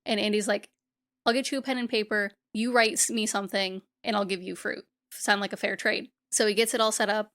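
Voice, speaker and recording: A woman's voice: mid-range voice, fairly even intonation, fairly quick, a bit bright. Woman co-host chatting about a film. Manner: chatty, finishes co-host's sentences. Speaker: podcast co-host. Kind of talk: casual film recap chat.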